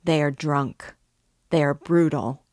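A woman reading a quiet, soothing father. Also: sits low, steady tone, slow pace, dry recording, studio quality. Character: calm father comforting his little son.

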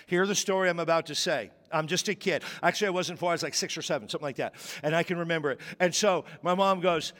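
Male pastor in his 50s, bright, slightly high voice, storytelling sermon with lively quoted voices, reverberant sanctuary. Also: a little fast. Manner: candid storytelling, animated quoting. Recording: long reverb of a large hall.

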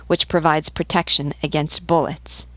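A woman reading a novel aloud in a measured, even manner. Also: low-pitched, dry recording. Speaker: book reader. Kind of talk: audiobook reading.

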